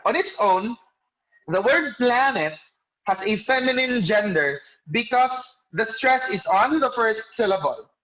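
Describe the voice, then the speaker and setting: A male teacher leads an online lecture over a video call, his high-sitting voice animated and fairly bright. Slow in his explanations, he quizzes students by name and catches himself mid-sentence to correct things; the recording is rough.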